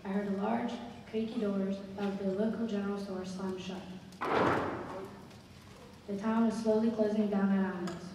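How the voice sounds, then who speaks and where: A woman's voice: mid-range voice, slight background noise. Woman reading a ghost story in an echoey hall. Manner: slow, expressive storytelling. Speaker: story reader. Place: school concert hall. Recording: echoey hall from far off, faint ambience.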